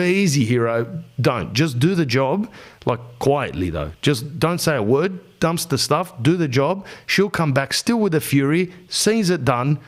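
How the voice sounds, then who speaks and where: An Australian man hosting a podcast, telling a casual story in slangy talk, peppered with "bro" and acted-out quotes. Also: medium pitch. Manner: animated, slangy, says "bro" often, acts out quotes. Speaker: podcast host.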